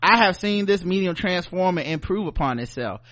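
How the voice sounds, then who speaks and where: Southern man co-host: slightly high voice, animated and joking, casual podcast chat. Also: normal speed.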